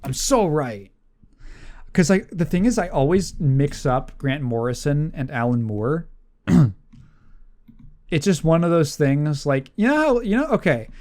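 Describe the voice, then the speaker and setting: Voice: medium pitch, expressive, a little mellow. Rambling laughing podcast host. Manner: rambling, self-correcting, quick to laugh. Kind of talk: casual movie review chat.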